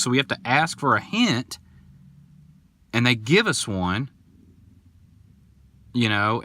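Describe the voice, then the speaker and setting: Animated young man telling a story. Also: medium pitch. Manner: animated, indignant storytelling with quoted voices. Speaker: podcast host. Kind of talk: casual storytelling monologue.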